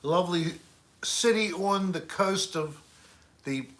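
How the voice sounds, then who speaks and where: A man's voice: high-pitched, slow pace, fairly bright tone. A man hosting a casual livestream chat, joking and trying bad accents when asked. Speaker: host.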